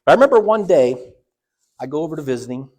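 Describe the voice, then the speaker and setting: A man's voice: on the high side, lively intonation, fast, a little mellow. A middle-aged man from Ohio, a church elder preaching a sermon, telling personal stories in a conversational way with restarts and acted-out voices. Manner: conversational, acts out quoted voices, many restarts.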